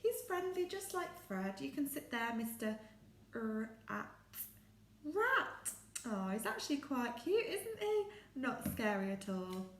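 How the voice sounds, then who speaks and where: Lively English teacher for small children. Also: female voice, fairly high pitch, reverberant, a little hiss or hum. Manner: animated, gasping, drawn-out sounds for children. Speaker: primary school phonics teacher. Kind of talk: exaggerated children's lesson.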